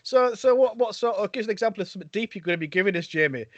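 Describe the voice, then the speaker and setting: A man's voice: high-pitched, lively intonation, very fast, dry recording. A man hosting a podcast over a video call, teasing his co-hosts in casual banter. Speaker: podcast host. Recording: dull dry video-call audio.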